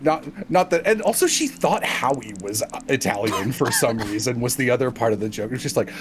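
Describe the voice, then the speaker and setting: Brisk and barely pausing, a man with a medium-pitched voice co-hosts a stream. He's a streamer and podcast co-host who tells stories animatedly in casual chat and laughs often.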